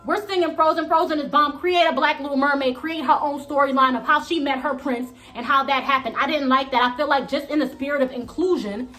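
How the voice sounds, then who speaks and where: A woman's voice: sits high, brisk, hardly any pauses, pushed and bright, faint music behind. A woman vlogger giving blunt, emphatic opinion commentary, often tagging points with "okay?".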